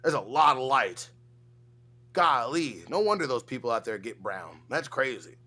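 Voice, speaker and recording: A man co-hosting a casual livestream chat, loud and profane, with exaggerated reactions while reading news items aloud. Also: mid-range voice, big pitch swings, moderate pace. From United States. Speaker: co-host.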